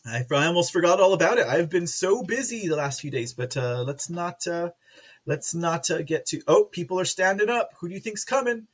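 Giggly guy from texas rambling on his livestream, kinda high voice. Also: expressive, brisk, slightly rough. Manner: giggly, rambling, self-mocking. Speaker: livestream host reading chat. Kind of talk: casual live commentary.

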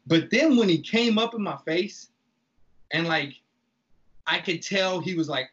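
A man's voice: fairly high pitch, unhurried, pauses often, fairly bright tone, husky, muffled recording. A man telling a story in casual, profane talk, acting out the lines he quotes. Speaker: podcast guest recounting reality TV.

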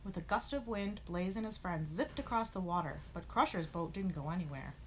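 A woman narrating a children's storybook aloud in an expressive, animated way. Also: fairly low pitch, brisk, slight background noise.

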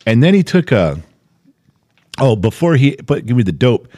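A man's voice: mid-range voice, moderate pace, no echo. A man chatting on a podcast, telling a story in a self-mocking way and acting out what people said. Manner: animated, self-mocking storyteller who acts out quotes. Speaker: podcast co-host. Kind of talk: casual storytelling chat.

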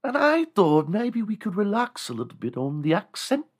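A man voicing a hesitant, stammering English colonist in a put-on posh English accent that jumps high. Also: big pitch swings, normal speed, slightly rough, full character voice. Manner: stammering, tentative, high and fluttery.

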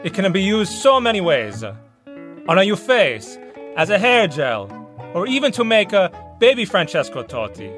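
A man's voice: huge pitch swings, normal speed, a bit bright, soft background music, full character voice. A man voicing a vain aging Italian football star selling a cream, in a put-on Italian accent and broken English. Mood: boastful. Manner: hammy broken-English sales pitch.

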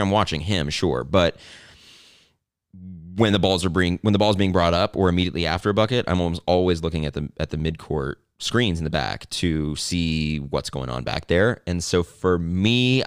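A man's voice: low voice, clear, resonant tone, no room sound, clean studio sound. A man hosting a casual sports podcast, talking in a playful, rambling way. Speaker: podcast host.

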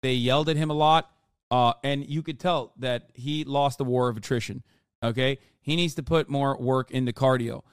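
A man's voice: mid-range voice, steady tone, normal speed, clear, resonant tone, no room sound, studio quality. A man hosting a livestream, giving profane, ranting political commentary with mocking asides. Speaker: livestream host.

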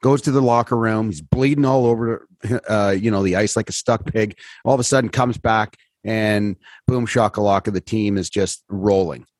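A man's voice: on the low side, moderate pace, few pauses, darkish tone, no room sound. A man co-hosting a podcast, ranting in casual sports chat, exasperated and swearing, his voice leaping up when he gets worked up. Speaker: podcast co-host.

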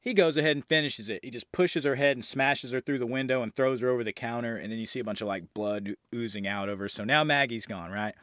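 A man's voice: mid-range voice, fast talker, few pauses, fairly bright tone, no echo. Dry, chatty man recapping a horror movie. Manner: loose and enthusiastic, with frequent fillers and the odd swear. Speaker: movie review podcast host.

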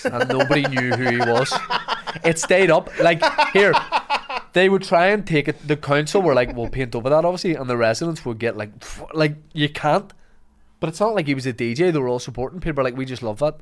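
A man's voice: a little high, animated, brisk. A Northern Irish man co-hosting a podcast, chatting casually, telling stories and laughing often. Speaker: podcast co-host. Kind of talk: casual chat.

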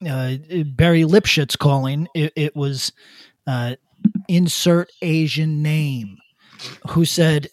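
A man co-hosting a podcast, ranting bluntly with swearing and halting restarts. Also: on the high side, no echo. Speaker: podcast co-host. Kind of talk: casual opinion rant.

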